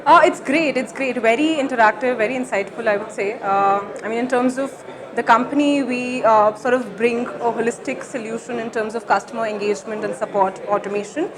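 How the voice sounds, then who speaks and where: A woman's voice: a little high, a little fast, crowd noise. A woman with an Indian English accent, a sales director describing her company in a businesslike way with many fillers. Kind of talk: conference interview. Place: conference hall.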